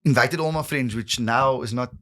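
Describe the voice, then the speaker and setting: Animated Cape Town comedian telling stories. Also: male voice, medium pitch, normal speed. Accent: Cape Town South African. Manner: animated storyteller acting out voices, bursts of laughter and shouts. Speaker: podcast guest, comedian. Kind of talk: casual storytelling conversation.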